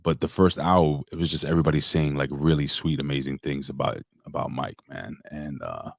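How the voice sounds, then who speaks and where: Male co-host, very low voice, dry close sound, halting and emotional. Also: a little mellow, no echo. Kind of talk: casual livestream chat.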